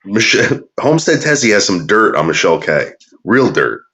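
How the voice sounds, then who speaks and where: A man's voice: lowish voice, big pitch swings, moderate pace, bright, forceful tone. A man ranting crudely and bitterly in casual talk, drawling some words and muttering others. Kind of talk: profane casual rant.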